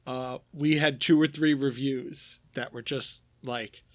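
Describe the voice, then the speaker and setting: A man from New York with a New York accent, co-hosting a casual podcast chat, blunt and quick to swear. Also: mid-range voice, fairly even intonation, no room sound. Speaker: podcast co-host.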